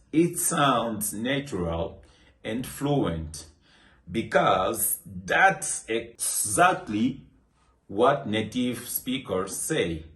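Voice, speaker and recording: Slow deliberate male English teacher. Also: on the low side, echoey room. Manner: slow, deliberate delivery with clear example phrases. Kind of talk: scripted lesson narration.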